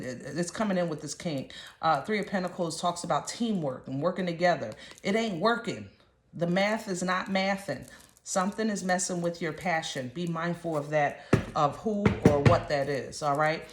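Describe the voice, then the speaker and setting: A woman's voice: fairly low pitch, lively intonation, normal speed. Chatty, slangy woman tarot reader. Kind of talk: casual tarot reading. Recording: roomy echo.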